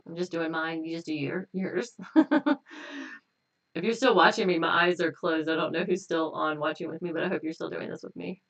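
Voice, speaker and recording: A woman hypnotist at home, hosting a live stream and slowly leading repetitive guided tapping affirmations. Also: low-pitched, fairly even intonation, recorded from a distance. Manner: slow, repetitive, gently affirming.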